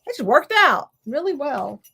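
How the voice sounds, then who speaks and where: A woman's voice: sits high, big pitch swings, moderate pace, creaky, bright, forceful tone. A woman chatting to her viewers while she crafts, talking to herself and laughing often. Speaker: crafting vlogger. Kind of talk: casual crafting chat to viewers.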